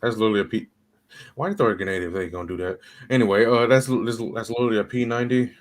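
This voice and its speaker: Quick-talking male co-host with a lowish voice, quippy gamer banter. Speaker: podcast co-host. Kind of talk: casual gaming chat.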